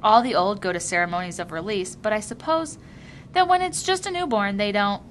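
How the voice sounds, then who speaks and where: A woman's voice: mid-range voice, fairly quick, slight background noise, natural voice. A woman voicing an earnest, curious young boy who talks eagerly and with wonder.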